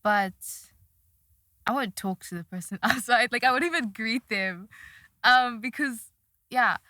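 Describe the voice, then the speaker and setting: Young woman, podcast guest, bright tone, dry close sound, rambling self-deprecating chat with frequent laughs. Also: fairly high pitch, unhurried, dry recording. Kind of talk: casual chat.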